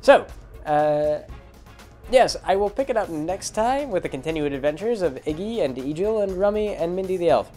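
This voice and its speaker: A man's voice: high voice, expressive, moderate pace, mellow, faint music behind. A man casually retelling a tabletop game campaign, rambling and amused with many fillers. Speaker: storyteller. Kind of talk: casual storytelling vlog.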